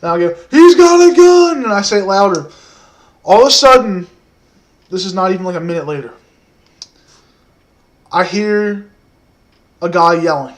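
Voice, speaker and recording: Soft-spoken man rambling through a story. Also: high-pitched, moderate pace, long pauses. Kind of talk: casual storytelling to camera.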